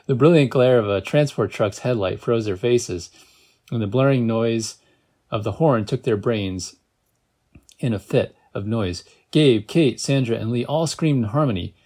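A man's voice: mid-range voice, a little slow, warm tone. A man reading a novel aloud in a casual way, with joking asides and small stumbles. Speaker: reader.

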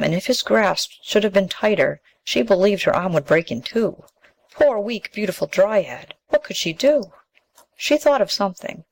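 A woman narrating a fairy tale in a measured, expressive storybook reading. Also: medium pitch, poor audio.

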